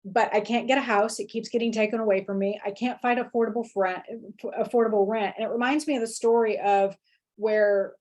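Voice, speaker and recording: Frank, animated woman in her forties. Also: on the high side, fairly quick. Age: 40s. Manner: animated, acts out quoted voices, frank and occasionally profane. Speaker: feng shui teacher, interviewee. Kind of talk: candid conversational storytelling.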